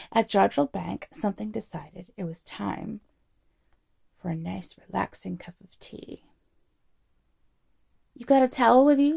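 A woman reading a novel aloud as narrator in a wry, measured storytelling manner. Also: mid-range voice, gravelly, warm tone.

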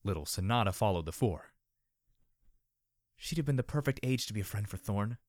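A man reads a story aloud, his low voice moving a lot in pitch. He keeps a measured, expressive pace. The recording is close and dry, with no room sound. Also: dry recording. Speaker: narrator. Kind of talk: audiobook story narration.

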